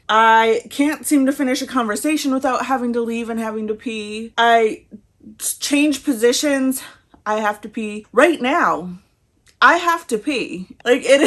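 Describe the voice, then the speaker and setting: A woman's voice: on the high side, fairly bright tone. A woman in her thirties, a vlogger chatting casually to the camera, out of breath and laughing often between words.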